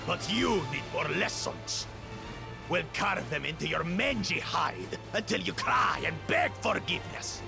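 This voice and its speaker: Game villain brute: slow, gravelly, taunting, music under him. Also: male voice, sits high, expressive, heavily acted. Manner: sneering threats, slow and gravelly. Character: menacing adult male brute, mocking and cruel. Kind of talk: video game cutscene voice acting.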